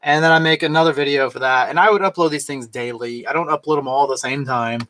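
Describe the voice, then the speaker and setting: A man in his thirties talking in a loose, rambling way while tipsy, swearing freely and mimicking other people in a higher voice. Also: fast, a bit bright. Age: 30s. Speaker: vlogger. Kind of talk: casual rambling monologue.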